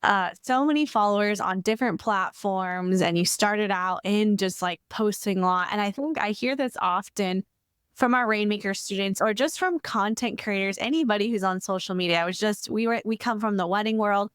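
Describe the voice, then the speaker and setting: A woman's voice: medium pitch, normal speed, a bit bright, clean tone, no room sound, clean studio sound. A woman hosting a podcast interview, affirming her guest and asking encouraging questions. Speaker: podcast host.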